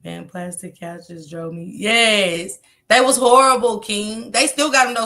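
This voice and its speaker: A woman hosting a casual livestream, chatting loosely with her viewers and reading their comments out loud. She talks in a slangy, salty way, swears freely and laughs often. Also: medium pitch, steady tone, measured pace. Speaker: livestream host.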